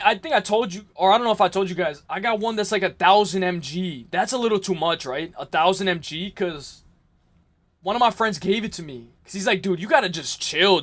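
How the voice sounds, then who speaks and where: His voice is high-pitched and a bit bright: he's a young man from around New York running a late-night livestream. He wanders casually from topic to topic, replies to chat and laughs a lot.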